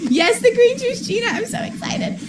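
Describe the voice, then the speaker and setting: A woman hosting an excited livestream sale, bubbly and hyped, calling out to viewers by name, with music playing behind her. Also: extremely high pitch, moderate pace, very noisy. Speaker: livestream sales host.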